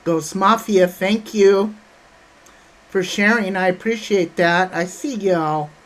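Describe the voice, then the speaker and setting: A woman's voice: medium pitch, slow pace. A woman hosting a casual livestream from home, greeting chat viewers by name and calling them honey and sweetheart. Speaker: livestream host.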